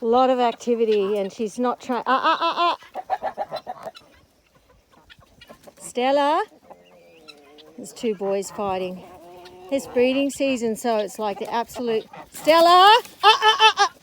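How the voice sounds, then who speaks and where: A breathless woman with a high voice trains her dog outdoors, snapping sharp calls and then muttering asides at an unhurried pace. It is outdoor phone video, and loud clucking fowl and honking geese fill the background. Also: slight background noise. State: breathless after illness. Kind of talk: casual vlog commentary. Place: outdoors on a farm among poultry.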